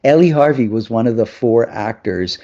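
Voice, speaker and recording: A man's voice: medium pitch, lively intonation, normal speed, warm tone, dull audio, a little hiss or hum. A man, a guest actor, telling anecdotes in a live interview and acting out the voices of the people in his story.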